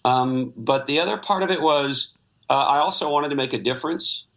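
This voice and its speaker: A man's voice: mid-range voice, normal speed, fairly bright tone. A Canadian man in his forties, an entrepreneur being interviewed, telling his story earnestly with many fillers and restarts. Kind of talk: reflective conversational storytelling.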